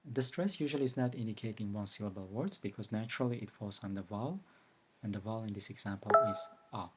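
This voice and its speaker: A man giving a recorded language lesson, explaining slowly and carefully with example words. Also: on the low side, noisy background. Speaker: language teacher.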